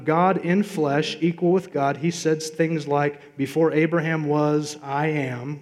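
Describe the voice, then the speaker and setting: A pastor with a fairly high voice preaches to his congregation, his delivery rising to forceful, emphatic peaks as he puts questions to them. The sound carries a long reverb from a large church hall. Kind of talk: sermon.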